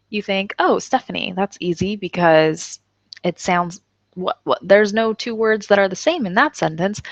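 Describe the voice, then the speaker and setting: A woman teaching an English lesson in a chatty way with many fillers, slowing down to demonstrate words. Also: fairly low pitch, dry recording, dull audio.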